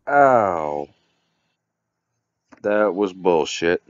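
A man's voice: deep voice, expressive, a little slow, pauses often, darkish tone. A man playing a game and reading its dialogue aloud, with sarcastic, swear-heavy casual commentary, in a dull lo-fi recording. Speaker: let's play gamer.

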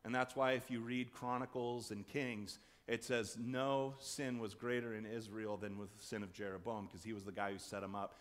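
A man preaching a sermon as pastor, conversational and animated, acting out voices in the story. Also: moderate pace, hardly any pauses. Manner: conversational, acts out quoted voices with big swings in pitch and loudness. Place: church sanctuary. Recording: long church reverb.

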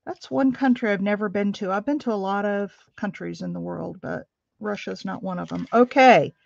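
A woman's voice: medium pitch, moderate pace, creaky, darkish tone, dry recording, highs cut off. A middle-aged woman hosting a craft livestream, chatting with viewers in a chatty, rambling way and laughing easily. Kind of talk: casual chat with live viewers while crafting. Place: home craft room.

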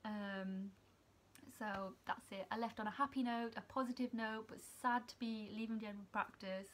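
A young woman, a student nurse chatting casually to her vlog camera, emotional and quick to laugh. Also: fairly high pitch, fairly even intonation, fairly bright tone, a little hiss or hum. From England. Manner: emotional, chatty, laughs often, near tears.

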